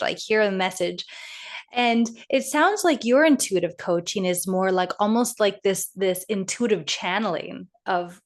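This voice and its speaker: A woman hosting a podcast and working as an intuitive coach, talking in a casual interview with eager, animated storytelling. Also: mid-range voice. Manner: animated, enthusiastic storytelling with acted quotes.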